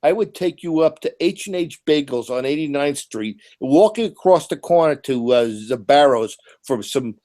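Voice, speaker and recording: New man, fairly high voice, excitable, swears, stumbles and restarts. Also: moderate pace, hardly any pauses. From New York. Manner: animated, profane, frequent restarts. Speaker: panelist. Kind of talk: casual chat.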